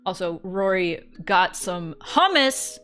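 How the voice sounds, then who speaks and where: A woman's voice: mid-range voice, slow pace, clean tone, soft background music. A woman co-hosting a game playthrough, chatting casually with swearing and reading narration aloud. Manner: casual, swears freely, animated. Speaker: co-host playing a game. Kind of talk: let's-play chat and narration.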